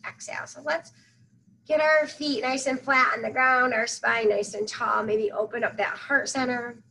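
A woman leading a guided loving-kindness meditation, giving soft, soothing instructions with long pauses. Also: a little high, slight background noise, rough recording.

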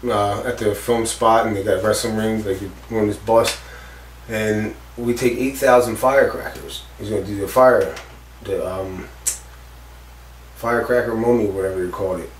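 Guy with a lowish voice rambling and cussing thru a story, kinda far from the mic, faint hiss behind. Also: fairly even intonation, normal speed. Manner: rambling, profane, full of fillers like "like" and "you know". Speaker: interviewee recounting a stunt accident. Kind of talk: casual storytelling interview. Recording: roomy echo, distant mic, faint background noise.

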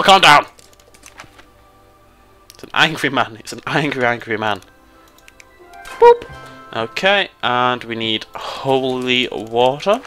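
A British man hosting a casual gameplay commentary, excitable and prone to jumping into high squeals. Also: smooth. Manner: excitable, jumps into high squeals when surprised or delighted. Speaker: let's play host.

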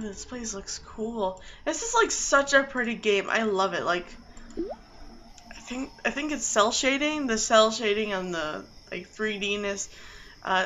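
A woman's voice: a little high, pushed and bright, slight background noise, poor audio. A young woman chatting casually and gushing over a game as she plays it. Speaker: gaming video host. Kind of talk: casual let's-play commentary.

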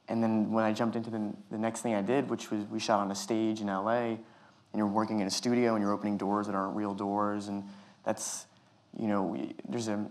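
Flat, low-voiced man, reflective. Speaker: actor guest. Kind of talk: casual interview answers.

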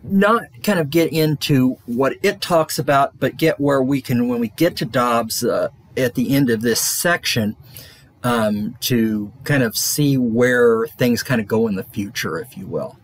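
A male college lecturer talks through his material in a loose, rambling way. His slightly husky voice swings widely in pitch, and he fills pauses with ums and restarts. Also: animated. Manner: rambling, many fillers and restarts. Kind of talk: classroom lecture.

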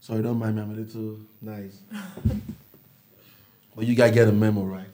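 A man's voice: on the low side, level tone, measured pace, warm tone. A man from Nigeria, teasing his wife in casual banter on a couple's vlog. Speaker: vlog co-host. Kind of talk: casual chat.

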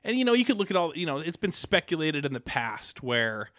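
A man's voice: a little high, sing-song, a little fast, a bit bright, no room sound, clean studio sound. A young man hosting a casual podcast, rambling with lots of fillers and restarts, a little out of breath. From Pacific Northwest. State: slightly out of breath. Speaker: podcast host.

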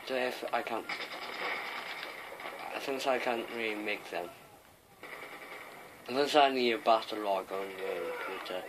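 A man's voice: lowish voice, measured pace, long pauses. A man from Wales giving rambling, casual commentary while playing an online shooter, often swearing at other players. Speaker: gamer. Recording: game sounds and noise behind.

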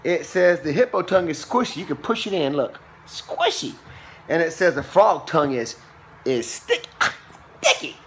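Animated man reading aloud to a child. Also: slight background noise. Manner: playful, exclaiming, with sudden high squeals and slow drawn-out quoted lines; turns preachy when giving a Bible lesson. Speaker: parent reading a picture book aloud to a child. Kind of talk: animated read-aloud storytime.

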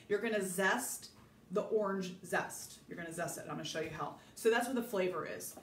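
A woman's voice: medium pitch, far from the mic, slight background noise. Chatty woman filming in an echoey kitchen. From Southern California. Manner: chatty, rambling, greets viewers by name. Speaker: home cook hosting a live baking video. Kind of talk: casual live cooking demo. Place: home kitchen.

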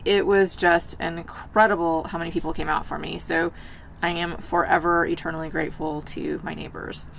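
Earnest woman vlogging with animated fillers. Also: fairly low pitch, a little hiss or hum. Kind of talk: casual talk to camera.

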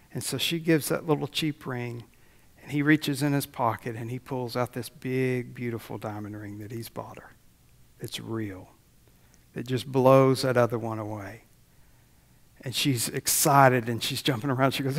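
Gravelly preacher in a reverberant church. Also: male voice, mid-range voice, steady tone, normal speed. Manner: folksy storytelling with prayer. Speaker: pastor. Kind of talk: sermon. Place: church sanctuary.

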